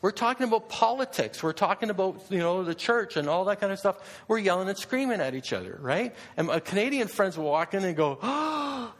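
A man giving a public talk to an audience, animated, full of rhetorical questions and restarts. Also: high voice, brisk, hardly any pauses. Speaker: speaker addressing an audience.

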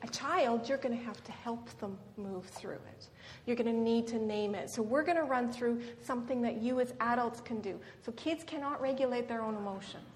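A woman's voice: fairly high pitch, moderate pace, few pauses. A middle-aged woman telling a personal story as a seminar speaker, earnest, with frequent ums and tag questions. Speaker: guest speaker. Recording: reverberant hall with faint noise.

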